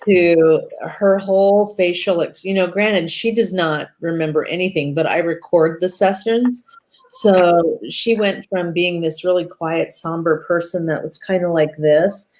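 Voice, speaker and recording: A woman's voice: lowish voice, unhurried, darkish tone. A woman hosting a casual live video chat as a hypnotherapist, talking in a rambling, chatty way with many restarts. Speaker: host and hypnotherapist.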